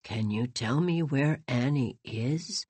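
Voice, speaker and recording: A lost, heartbroken old wanderer, put on by a woman reader mumbles slowly in a sunken, hushed voice. He sounds far below the reader's own pitch, and the sound is dry and close. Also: husky, no room sound, full character voice. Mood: mournful.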